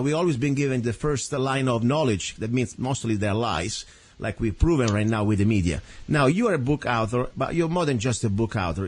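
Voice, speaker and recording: Husky Italian-accented radio host man. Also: mid-range voice, darkish tone. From Italy. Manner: earnest, rambling, with self-corrections. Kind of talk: talk radio monologue.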